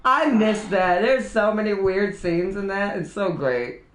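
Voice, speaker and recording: A male streamer with a high voice rambles through casual gaming chat, enthusiastic and quick to laugh. His voice echoes around the room he records in, which gives it a hollow, roomy ring. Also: fairly bright tone, slight background noise. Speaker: streamer host.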